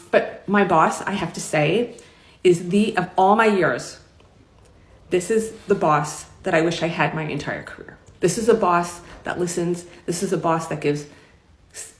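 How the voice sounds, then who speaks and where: A middle-aged woman with a New York accent tells a long personal story to the camera in a chatty, rambling, emphatic way. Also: lowish voice. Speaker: vlogger. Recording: roomy echo.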